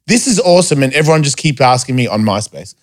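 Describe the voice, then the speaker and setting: A man's voice: medium pitch, fast. A man telling stories in a casual podcast chat, swearing a lot and acting out quotes in a raised voice. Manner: animated storyteller, heavy swearing, acts out quotes in a raised voice.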